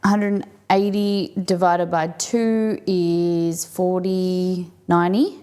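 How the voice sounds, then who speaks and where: A woman's voice: lowish voice, flat delivery, slow, warm tone, clean tone. A woman hosting a live cooking stream, chatting casually and thinking aloud as she works in a home kitchen.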